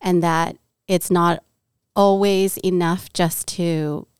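A middle-aged woman from Southern California tells a personal faith story with an animated delivery, acting out the lines of the people in it. Her voice is smooth and clear, and the room sounds dry and close. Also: lowish voice, slow, no echo. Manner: animated storyteller, acts out quoted dialogue. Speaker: podcast guest.

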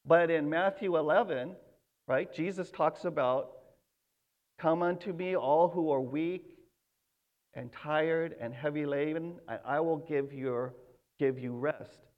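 Brief: male pastor, high-pitched, earnest sermon, dull lo-fi recording. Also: slow. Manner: earnest, emphatic, repeats key words. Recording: dull lo-fi sound.

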